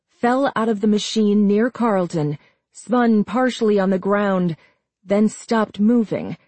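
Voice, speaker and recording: Woman, audiobook narration, slow and measured, dry close sound. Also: medium pitch, a little mellow, no echo. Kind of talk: scripted narration.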